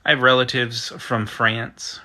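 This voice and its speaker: An American man hosts a casual livestream, chatting loosely and reading out viewer comments and usernames as they come in, reacting to each. His medium-pitched voice is pushed and bright, a little slow, with little pitch movement.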